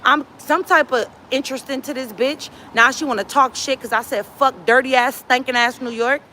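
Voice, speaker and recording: A woman's voice: sits high, steady tone, normal speed, bright, forceful tone, slight background noise. A woman from Los Angeles hosting a livestream, trash-talking in a profane, confrontational way from a laundromat. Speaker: livestream host. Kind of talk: casual livestream rant.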